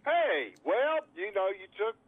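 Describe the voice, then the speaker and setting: A man's voice: sits high, big pitch swings, measured pace, husky. A man calling in to a radio-style talk show, rambling and wry, repeating himself as he talks. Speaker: caller. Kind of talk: casual chat on a call-in show. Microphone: phone. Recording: tinny phone line.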